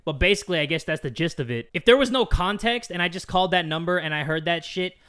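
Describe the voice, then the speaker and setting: A young man from Southern California chatting casually in a jokey, crude, loud way on his vlog. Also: high-pitched, fast, clean tone. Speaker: YouTuber.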